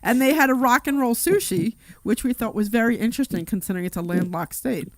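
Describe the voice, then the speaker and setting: A woman's voice: fairly high pitch, fast talker, dry recording. A woman co-hosting a radio money show, chatty and storytelling, laughing often. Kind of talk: casual radio banter.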